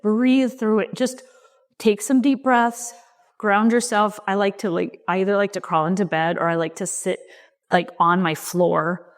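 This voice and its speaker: Middle-aged woman, lowish voice, soft reassuring podcast coach, slow short phrases. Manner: gentle, reassuring, speaks slowly in short phrases. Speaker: leadership coach and podcast host. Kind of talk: reflective solo podcast talk.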